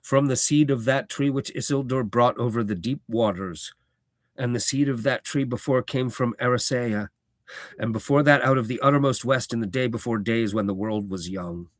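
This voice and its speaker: A man voicing an ancient, grave elf lord who speaks in a slow, stately, lyrical way. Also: medium pitch, no echo, clean studio sound, lightly acted. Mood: solemn. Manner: slow, stately, elevated delivery.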